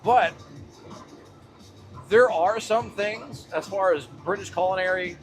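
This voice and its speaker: A man's voice: sits high, slow pace, soft background music. A man hosting a livestream from his truck cab, talking loosely with his chat and swearing casually as he drives.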